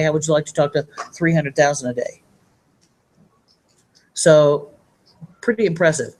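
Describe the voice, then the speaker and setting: A woman giving a motivational training talk to her team. She talks in an upbeat, rambling way and reads sayings aloud from a handout. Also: low-pitched. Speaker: network marketing trainer.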